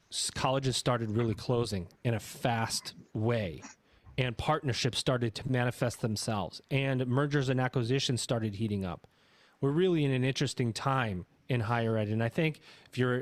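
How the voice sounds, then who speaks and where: A man's voice: medium pitch, no echo. A man hosting an education podcast in a casual, rambling way, often correcting himself mid-sentence. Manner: rambling, self-correcting, chatty. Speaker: podcast host. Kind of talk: casual podcast intro and interview.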